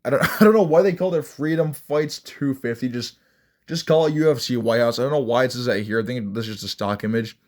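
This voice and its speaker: A man's voice: mid-range voice, quick pace. Young man ranting about fights. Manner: blunt, rambling, mocking, with frequent restarts. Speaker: MMA commentary vlogger. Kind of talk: casual ranting commentary.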